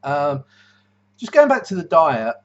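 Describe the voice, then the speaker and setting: A man's voice: on the high side, huge pitch swings, a little slow, a bit bright, highs cut off. A man, rambling and joking through a casual video diary about his diet, full of ums and uhs. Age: 50s. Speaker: keto diet vlogger.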